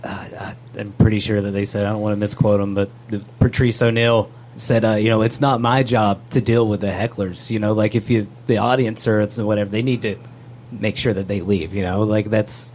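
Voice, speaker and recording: A man's voice: on the low side, fairly even intonation, fairly quick, darkish tone, a little hiss or hum. Hesitant man telling comedy stories. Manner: hesitant, many fillers and restarts. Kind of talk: casual chat.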